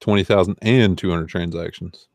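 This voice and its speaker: Southern guy rambling on a livestream, real low and monotone, dry close mic. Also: normal speed, vocal fry, dry recording. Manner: relaxed, rambling, answers chat comments. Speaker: eBay reseller hosting a livestream. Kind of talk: casual livestream chat.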